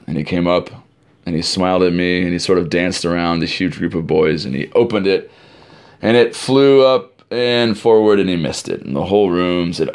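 A middle-aged man, a camp director, telling stories for an informal podcast in an animated way. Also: low-pitched. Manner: animated storyteller, acting out crowd shouts.

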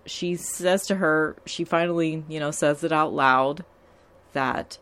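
A woman's voice: low-pitched, a little slow, a bit bright. A young woman talking casually and candidly about a TV show, swearing freely. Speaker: TV episode recapper. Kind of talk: casual chat.

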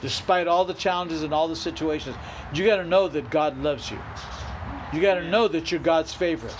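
A man's voice: a little high, brisk, noisy background. A middle-aged male pastor preaching a sermon, emphatic, repeating phrases and rising into bursts of exhortation.

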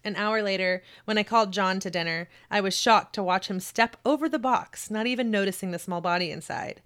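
A woman's voice: medium pitch, fairly quick, clear, resonant tone. Woman reading her own short story. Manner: animated reader who acts out quoted voices. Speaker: home health nurse. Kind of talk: casual chat and story reading.

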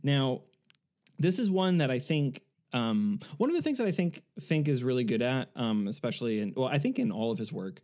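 A man's voice: mid-range voice, sing-song, moderate pace, mellow. A man co-hosting a casual podcast chat, telling a long anecdote with many fillers and restarts. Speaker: podcast co-host.

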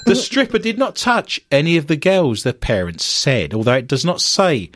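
A man's voice: on the high side, big pitch swings, normal speed, fairly bright tone. A man co-hosting a comedy show, reading odd news stories and breaking off into sarcastic asides. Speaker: co-host.

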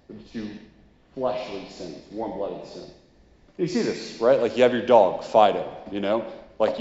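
A man's voice: medium pitch, a little mellow. Casual preacher man in echoey hall. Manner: casual, conversational, many "like" and "you know". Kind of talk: sermon. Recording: echoey hall, dull sound.

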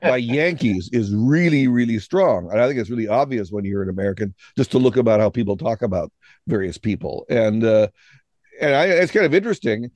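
A man's voice: medium pitch, lively intonation, brisk, a little mellow, no room sound. A man from Washington State co-hosting a casual political chat, lecturing in a musing way and often starting with "I mean". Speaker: podcast co-host.

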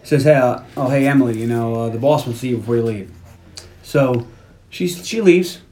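A man's voice: mid-range voice, a little fast, warm tone, slight background noise. A man hosting a podcast, casually retelling a film's plot and acting out the characters' lines, with some swearing. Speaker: podcast host. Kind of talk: casual movie recap chat.

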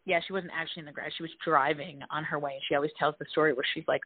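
A woman's voice: sits low, steady tone, very fast, hardly any pauses, slightly rough, no echo. A woman in her forties, a psychologist and author, telling a family story in a casual interview and acting out the voices she quotes. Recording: dry, tinny phone-like audio.

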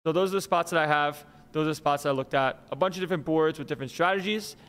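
A man coaching, his slightly high voice laying out points step by step. A long reverb trails each phrase through the room. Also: racing, fairly bright tone, smooth. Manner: laughs easily, explains methodically. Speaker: poker coach. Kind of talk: casual chat and course rundown.

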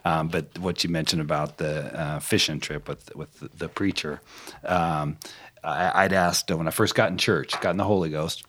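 A man's voice: rumbling low, fairly even intonation, moderate pace, fairly bright tone. A man co-hosting a podcast, sharing his own story in a hesitant, reflective way with lots of fillers. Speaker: podcast co-host. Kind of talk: casual conversation.

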